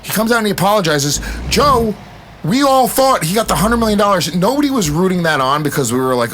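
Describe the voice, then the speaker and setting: A man as a guest in a casual podcast chat, loud, profane and emphatic as he riffs. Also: high-pitched, expressive, fast, slight background noise.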